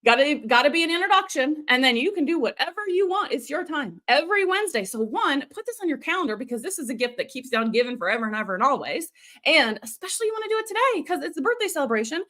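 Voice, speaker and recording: A woman coaching live on a stream, in a chatty, animated way with quick asides. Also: high voice. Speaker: online video coach hosting a live stream. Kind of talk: casual live-stream teaching.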